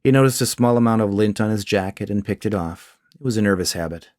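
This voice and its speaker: A man narrating a short fiction story in a measured, scripted storytelling style. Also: fairly low pitch, darkish tone, dry recording, clean studio sound.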